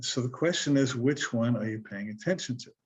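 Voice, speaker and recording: A man's voice: mid-range voice, a little fast, lo-fi sound. A man giving an earnest, conversational motivational talk, asking his listeners rhetorical questions. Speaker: self-help speaker.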